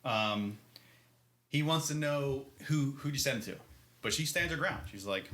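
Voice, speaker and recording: A man's voice: medium pitch, lively intonation, measured pace, pushed and bright. A man co-hosting a podcast, recapping a book in loose, rambling casual chat, swearing and laughing often. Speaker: podcast co-host. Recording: echoey room.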